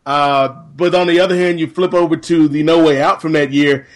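A man's voice: fairly high pitch, fairly even intonation, a little fast. A man co-hosting a podcast, giving his opinion in a thoughtful, conversational way. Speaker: podcast co-host. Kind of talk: casual chat.

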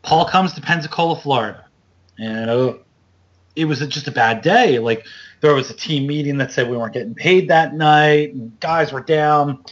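Man, podcast host, slightly high voice, lively storyteller, dull lo-fi audio. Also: moderate pace. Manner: animated, loose storyteller, acts out quotes with big jumps up in pitch. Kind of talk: casual storytelling chat.

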